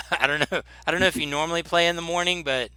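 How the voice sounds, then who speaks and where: A man's voice: a little high, fairly even intonation, fast talker, pushed and bright, smooth, no echo. A man running a tabletop game as game master, laid-back and rambling with lots of fillers.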